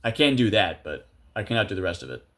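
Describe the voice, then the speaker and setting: A young man talks casually over his gameplay, thinking aloud and amusing himself. He fills his speech with hesitations and restarts. His voice sits somewhat low. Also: sing-song, fast talker, gravelly, fairly bright tone. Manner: chatty, self-amused, thinks aloud with many fillers. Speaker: gameplay video creator.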